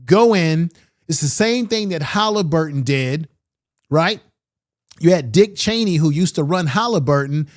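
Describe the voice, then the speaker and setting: A man's voice: a little high, lively intonation, a little slow. A man giving opinionated political commentary with emphatic delivery and repeated rhetorical questions.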